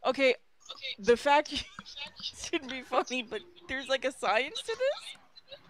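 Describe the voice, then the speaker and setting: Woman co-host, higher voice, lively pitch, incredulous, laughing banter. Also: slow, a little hiss or hum. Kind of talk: casual comedic banter.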